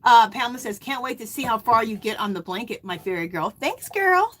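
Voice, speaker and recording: A middle-aged woman hosting a casual live stream, chatting and reading viewer comments aloud in a warm, emotional way. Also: a little high, lively intonation, brisk. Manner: warm and emotional, near tears.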